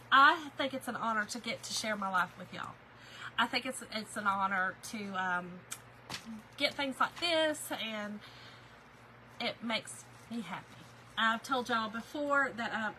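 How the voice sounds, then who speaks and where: A woman's voice: a little high, sharp tone, slight background noise, poor audio. A woman hosting a chatty live stream, greeting viewers by name, laughing easily and getting emotional.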